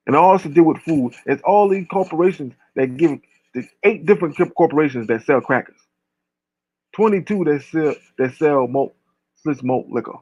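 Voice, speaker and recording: A man's voice: on the high side, a little mellow, dry recording, rough recording. A man giving a casual rant, blunt and profane, piling up long lists.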